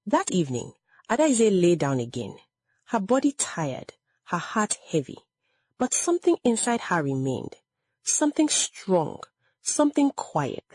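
A woman narrating a scripted story in a measured, emotive storytelling manner. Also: mid-range voice, sing-song, a little mellow, husky, no room sound.

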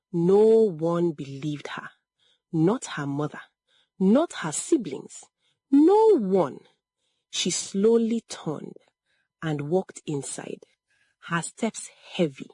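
A woman tells a story slowly and with care, her voice a little husky. Her pitch moves a lot, rising and falling through each line. The sound is close and dry. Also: darkish tone, dry recording. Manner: slow, measured, pausing between phrases. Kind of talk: dramatic story narration.

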